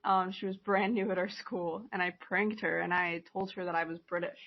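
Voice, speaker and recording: A woman's voice: fairly low pitch, flat delivery, brisk. A young woman, a podcast guest in casual chat, telling playful stories. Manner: chatty, playful storytelling. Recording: dull lo-fi sound.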